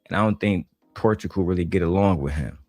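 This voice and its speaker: Deep-voiced blunt mocking man. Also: fast, darkish tone, dry recording, soft background music. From Detroit, USA. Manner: blunt, mocking, heavily profane. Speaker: online commentator reacting to a panel. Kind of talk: profane reaction commentary.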